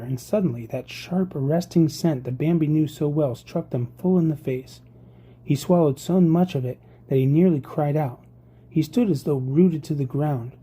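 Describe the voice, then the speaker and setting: A reader narrating a classic novel chapter as an audiobook, with a steady storytelling delivery. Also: mid-range voice, slightly rough. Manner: steady storytelling read, occasional slips. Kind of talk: scripted narration.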